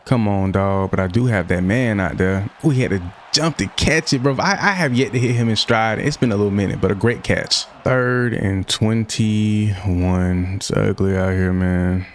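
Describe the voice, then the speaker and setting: A man's voice: fairly low pitch, moderate pace, few pauses, a little hiss or hum. A young man giving casual, slangy gameplay commentary, often frustrated as he plays. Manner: frustrated, slangy, self-talk while playing. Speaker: gaming YouTuber.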